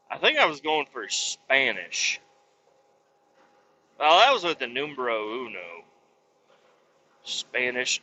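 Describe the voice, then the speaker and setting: A man hosting a podcast, rambling in a profane, meandering way with many pauses and restarts, on a dull lo-fi recording. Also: medium pitch, big pitch swings, pushed and bright, a little hiss or hum. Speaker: podcast host and roadside tow operator. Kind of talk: casual rambling monologue.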